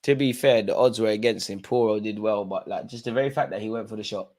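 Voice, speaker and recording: A man hosting a live football watch-along, chatting in slang about the match and breaking into loud shouts when a chance or goal comes. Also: fairly low pitch, fast. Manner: London slang, bursts into shouting at chances and goals.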